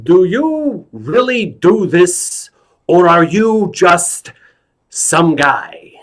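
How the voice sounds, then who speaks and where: A man doing an impression of an intense, gruff older male movie star who repeats himself in a rising, questioning drawl. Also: sits high, very animated, extremely slow, a bit bright, pitched above the performer's own voice, heavily acted. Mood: skeptical.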